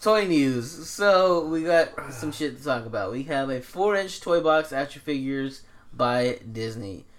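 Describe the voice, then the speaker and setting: A man's voice: medium pitch, lively intonation, unhurried. A man hosting a casual podcast, telling stories in a mocking, profane way and laughing as he talks. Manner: profane, mocking storyteller who laughs while talking. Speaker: podcast host. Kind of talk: casual chat.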